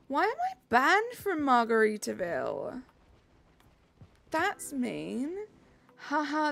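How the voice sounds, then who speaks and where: A woman streamer with a high voice and vocal fry chats casually with her live chat. She giggles and teases herself while reading messages, staying chatty throughout.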